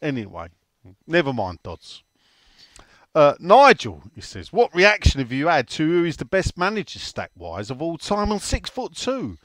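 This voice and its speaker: A man's voice: on the high side, wildly swooping pitch, moderate pace, few pauses, fairly bright tone, no room sound. A man co-hosting a casual football chat, teasing and answering listener questions. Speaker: podcast co-host.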